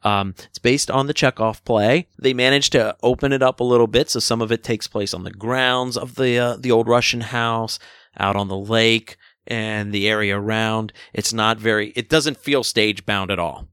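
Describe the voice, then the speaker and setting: A man's voice: fairly low pitch, fairly even intonation, normal speed, fairly bright tone, smooth, dry recording, clean studio sound. A man hosting a casual film review chat, enthusiastic and full of jokey asides. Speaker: film review podcast host.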